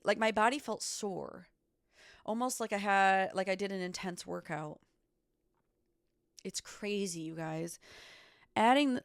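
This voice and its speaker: Solo woman podcaster: gravelly, fry-heavy voice, casual and profane, dry close sound. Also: mid-range voice, no room sound. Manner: emphatic, swears often, leans on "like" and "okay". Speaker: podcast host. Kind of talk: candid solo podcast chat.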